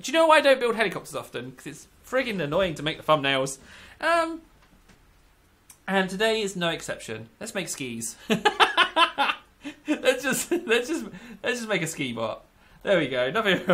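Feeling slightly ill, this gaming YouTuber giggles, rambles and pokes fun at himself as he builds during a let's-play. He speaks with a bright, forceful voice on the high side.

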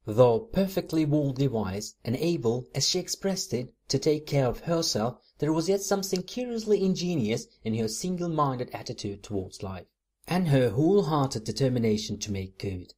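A man reading a first-person audiobook in a measured, composed storytelling manner. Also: mid-range voice, animated, darkish tone. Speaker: audiobook narrator.

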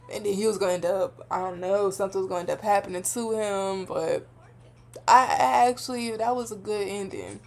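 A young woman hosting a reaction video, talking in a chatty, heartfelt, slang-filled way that rambles as she thinks aloud. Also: medium pitch. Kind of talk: casual reaction commentary.

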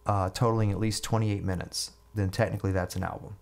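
A man's voice: fairly low pitch, steady tone, fast talker, vocal fry. A middle-aged man, a guest musician, telling stories casually and often repeating and restarting words. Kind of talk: casual storytelling.

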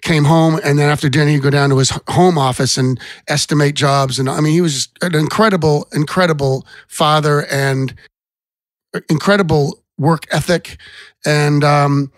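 A man's voice: on the high side, steady tone, moderate pace, no echo. Rambling storyteller man, dry close sound. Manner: rambling anecdotes with restarts. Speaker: podcast guest, songwriter. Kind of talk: casual storytelling chat.

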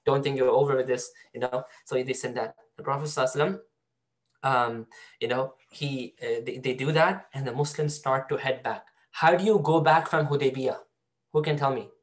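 A man's voice: medium pitch, fairly quick. A male teacher giving a storytelling Quran lesson to a class, often asking students questions. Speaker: Islamic studies teacher.

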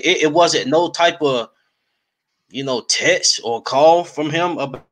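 Podcast host guy asking loose follow-up questions, slightly higher voice. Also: measured pace, a bit bright. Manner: casual, probing questions with fillers. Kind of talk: interview questions.

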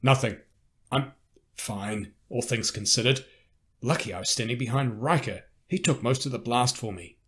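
A man voicing a weary middle-aged rebel captain, gruff and resigned but commanding, in an audiobook. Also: medium pitch, normal speed, fairly bright tone, lightly acted. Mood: relieved.

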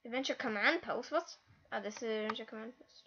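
Female gamer, excitable commentary, high voice, dull lo-fi mic. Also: a little fast. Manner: excitable, exclaiming, easily frustrated. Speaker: gaming channel host. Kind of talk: live gameplay commentary.

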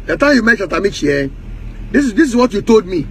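A man's voice: high-pitched, sing-song, quick pace, fairly bright tone, slight background noise, rough recording. A man with a Ghanaian Pidgin English accent, delivering an angry, profane rant full of repeated accusations. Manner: heated, profane, repetitive accusations.

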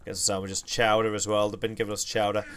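A man's voice: lowish voice, level tone, fast talker, a bit bright. A young man, hosting a game livestream with rambling, self-correcting, jokey commentary. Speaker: gaming livestream host.

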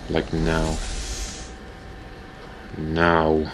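Male let's play host, low voice, chatty and self-mocking, steady hiss behind him. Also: normal speed. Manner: rambling, self-mocking, jokey. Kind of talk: casual gameplay commentary.

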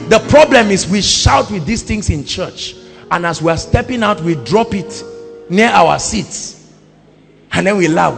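Nigerian man, sermon preaching, high lively voice, gravelly edge, long hall reverb, faint music behind. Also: measured pace. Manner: impassioned, swings from shouting to low quiet asides. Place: large church hall.

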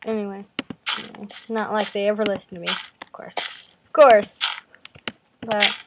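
A woman's voice: medium pitch, level tone, normal speed, heavy background noise. A young woman with a slight cough from a cold, chatting in a self-deprecating, jumpy way over her gameplay in her bedroom. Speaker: gaming video host. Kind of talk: casual gameplay commentary. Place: bedroom at home.

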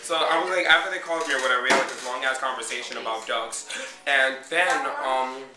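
Talking fast over loud music, a male vlogger rants crudely and comically to his friends in an echoey room, loud and giggly, frequently breaking into high squeals.

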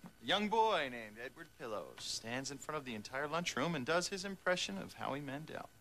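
A man's voice: a little high, very animated, normal speed, noisy background. An actor playing a timid, put-upon male agent who talks hesitantly and earnestly. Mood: nervous.

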